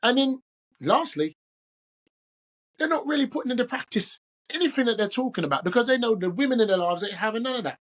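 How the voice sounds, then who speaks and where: A man's voice: very high voice, expressive, fast, pauses often, fairly bright tone, pitched above the performer's own voice, full character voice. A man putting on a London accent as a fatherly advisor. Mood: earnest advice. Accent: put-on London English. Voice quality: amateur mock British accent. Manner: earnest, protective, street-slang phrasing. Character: fatherly man advising his grown daughter. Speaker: podcast host. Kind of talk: imagined talk to his daughter.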